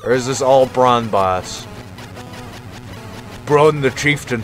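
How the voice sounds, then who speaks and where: A man's voice: mid-range voice, slow pace, long pauses, fairly bright tone, soft background music. Profane, joking male game streamer. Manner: profane, joking, self-mocking. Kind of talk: casual gameplay commentary.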